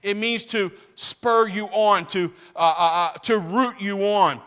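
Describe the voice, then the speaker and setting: Bright-voiced preaching man in a hall. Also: sits high, takes it slowly, clear, resonant tone. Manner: animated preaching with repeated restarts. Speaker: pastor. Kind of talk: sermon.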